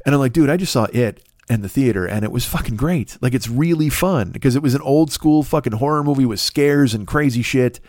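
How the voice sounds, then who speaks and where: A middle-aged man hosts a podcast, delivering a profane comedic rant that rambles and leaps into exasperated outbursts. His medium-pitched, darkish voice moves fairly quickly with hardly any pauses, recorded dry and at studio quality.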